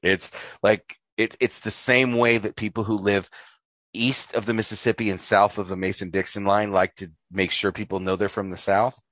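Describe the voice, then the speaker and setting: A man from North Idaho, hosting a casual political chat, animated, swearing and laughing often. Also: on the low side, moderate pace, dry recording.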